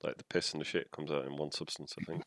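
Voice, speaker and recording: A man's voice: a bass voice, level tone, fast, a bit bright, no room sound, studio quality. A man playing a tabletop game, talking in a hesitant, rambling way. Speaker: player. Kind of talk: casual tabletop game chat.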